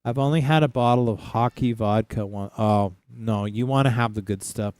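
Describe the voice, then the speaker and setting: A man's voice: medium pitch, normal speed, few pauses, darkish tone, no echo. A man hosting a casual livestream, chatting loosely with viewers and rambling with frequent restarts. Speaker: livestream host. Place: home in Saskatchewan.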